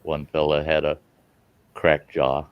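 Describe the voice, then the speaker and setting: A man's voice: a bass voice, flat delivery, slow, dry recording, dull audio. A middle-aged man hosting a casual chat, talking earnestly and from the heart. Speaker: channel host.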